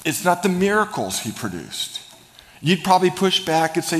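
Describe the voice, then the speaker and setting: A male pastor giving a sermon in a church sanctuary, telling the story with light humor and dropping to a hush for emphasis. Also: a little high, lively intonation, a little fast. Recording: long reverb of a large hall.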